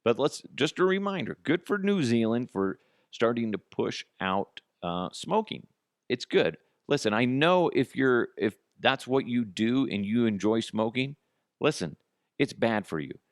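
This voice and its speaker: A man hosting a solo comedy podcast, ranting in a profane, animated way and acting out both sides of conversations. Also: medium pitch, unhurried, no echo, clean studio sound. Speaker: podcast host.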